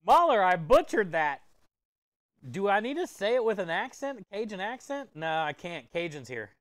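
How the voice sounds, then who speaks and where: A man's voice: high-pitched, sing-song, moderate pace, dry recording, studio quality. A man, a food truck chef, chatting casually with his livestream viewers while he cooks in a kitchen. He is easygoing and joking, and he chuckles often. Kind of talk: casual livestream cooking chat.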